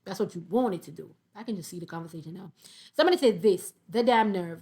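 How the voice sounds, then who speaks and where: A young woman, reading viewer comments aloud in a sassy, animated casual commentary. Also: medium pitch, fast. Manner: sassy, animated, laughs often.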